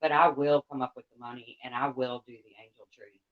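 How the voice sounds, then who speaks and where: A woman's voice: extremely low pitch, steady tone, fairly quick. A woman livestreamer rants to her chat in a blunt, heated voice and swears freely. The sound is dull and lo-fi.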